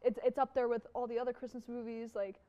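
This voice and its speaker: A young woman with a high, bright-pitched voice talks casually and quickly drifts into stories. She fills her speech with asides and laughs easily. The delivery is loose and chatty. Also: level tone, muffled recording. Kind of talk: casual chat.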